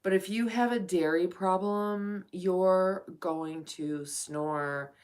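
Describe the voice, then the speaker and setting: Slow-talking woman streamer, chatty and affectionate. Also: lowish voice, clean tone. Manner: chatty, calls viewers honey and darling. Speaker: live streamer. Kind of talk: casual late-night live stream chat.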